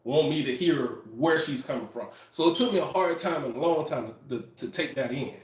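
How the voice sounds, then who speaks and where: A man co-hosting a casual talk show with his wife, telling stories in an animated way and acting out what people said. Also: on the high side, brisk. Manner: animated storytelling, acts out quotes. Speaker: podcast co-host, husband. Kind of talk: casual chat. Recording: echoey room, distant mic.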